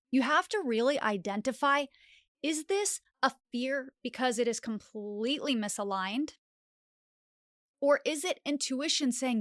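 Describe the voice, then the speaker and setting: A woman's voice: fairly high pitch, no echo, studio quality. A young woman hosting a self-help podcast, talking animatedly and acting out little inner voices, with many "like" fillers. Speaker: podcast host. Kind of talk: motivational self-help monologue.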